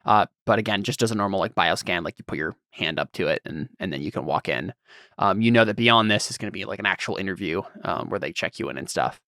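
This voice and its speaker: A man's voice: deep voice, animated, quick pace, sharp tone, no echo, clean studio sound. A man narrating as game master for a tabletop game, rambling and searching for words as he describes the scene.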